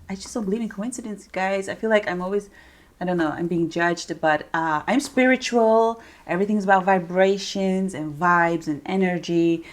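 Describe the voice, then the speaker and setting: Chatty, animated young woman vlogger. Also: on the low side, normal speed. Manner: chatty and animated, with playful asides. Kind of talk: casual talk to camera.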